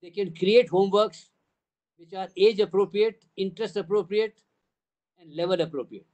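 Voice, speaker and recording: A man's voice: high-pitched, fairly even intonation, moderate pace, darkish tone. An older man with an Indian English accent giving a town hall address to parents as a school trust's chief, emphatic, building points through repeated phrases and rhetorical questions.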